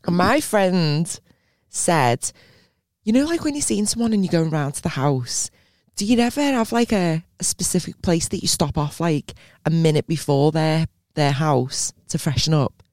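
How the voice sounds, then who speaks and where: Chatty woman, lively pitch. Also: normal speed, no echo, clean studio sound. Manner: chatty, teasing. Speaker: podcast co-host. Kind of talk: casual banter.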